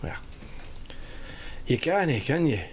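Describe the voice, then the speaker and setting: An actor playing a gentle, reflective older Scottish pensioner in a sitcom. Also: male voice, fairly high pitch, big pitch swings, takes it slowly, breathy edge, full character voice.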